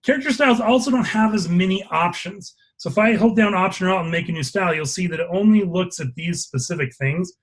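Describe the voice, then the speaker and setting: Male instructor, slightly high voice, walks through a screen demo step by step, asks for questions. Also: quick pace, hardly any pauses, husky. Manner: explains step by step, checking for questions. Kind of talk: live software lesson with screen demo.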